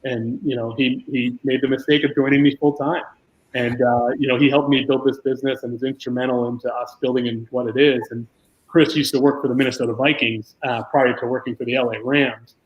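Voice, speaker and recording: Flat-voiced man telling a career story. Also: medium pitch, a little fast, dull audio. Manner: casual, self-deprecating storytelling with many restarts. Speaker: esports business founder.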